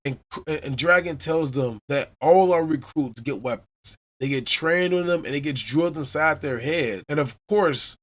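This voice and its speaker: A man from Chicago hosting a podcast, casually recapping a manga chapter as an enthusiastic storyteller. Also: a little high. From Chicago, USA. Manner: enthusiastic storyteller retelling scenes. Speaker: podcast host.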